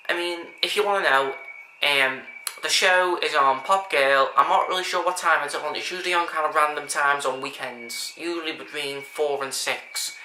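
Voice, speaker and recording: A man's voice: on the high side, fairly even intonation, normal speed, sharp tone. A man talking casually to camera, earnest and rambling, often restarting his sentences. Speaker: vlogger. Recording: echoey room with faint background hiss.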